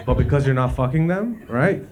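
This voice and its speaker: Brisk and animated, a Canadian man speaks in a medium-pitched voice during a stand-up comedy set. He talks loosely and conversationally, often slipping in "you know." The set is recorded live at a comedy club, with the audience laughing.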